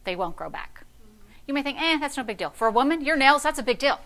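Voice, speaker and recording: High bright animated woman pastor preaching. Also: rapid-fire. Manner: animated storytelling, sassy, swings between hushed and loud. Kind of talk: sermon.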